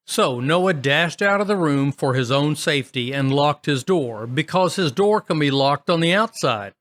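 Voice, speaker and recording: Man with a slightly high voice narrating stories. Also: a bit bright. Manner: wry, chatty storytelling with comments. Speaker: story narrator. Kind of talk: casual reading of online stories.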